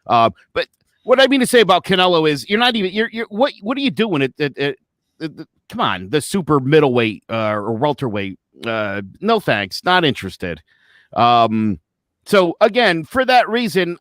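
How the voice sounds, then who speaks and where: A man co-hosting a sports podcast, explaining his picks in halting casual talk with many restarts. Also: on the high side, very animated, a bit bright, no echo, clean studio sound. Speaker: podcast co-host.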